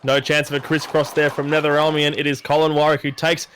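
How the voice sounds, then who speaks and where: A man calls a virtual race with a high, excitable voice, tossing in jokes between the action. A faint hiss sits under the recording. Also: quick pace. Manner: excitable, jokey play-by-play. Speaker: race commentator. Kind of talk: sim racing commentary.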